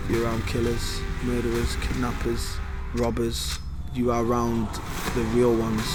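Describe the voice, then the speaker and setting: A young man in his twenties with a Manchester accent, talking candidly as a guest in animated street slang. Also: medium pitch. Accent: Manchester English. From Manchester, England. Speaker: guest, former fighter. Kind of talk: candid storytelling.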